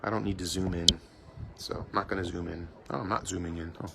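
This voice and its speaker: Chatty low-voiced man streaming live. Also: fairly even intonation, fast, gravelly, very noisy. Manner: chatty, playful, self-mocking banter. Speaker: cruise vlogger live streaming. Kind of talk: casual live-stream narration. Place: outdoor cruise ship balcony. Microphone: handheld phone.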